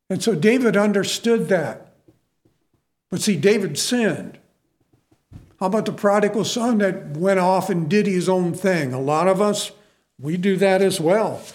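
A man's voice: high voice, darkish tone. A middle-aged man preaching a sermon in a conversational, self-deprecating way, full of asides to the listeners.

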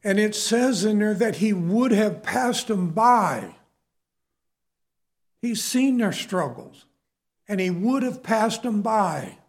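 A preacher man with a fairly high voice delivers his sermon slowly and deliberately. He is earnest and emphatic, and he keeps turning to his listeners as "folks.". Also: lively intonation.

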